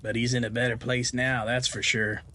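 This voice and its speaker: A man's voice: mid-range voice, flat delivery, moderate pace, sharp tone. A man voicing a sly, cheerful, rugged male rancher in a spoken audio drama, with an easygoing, folksy way of talking.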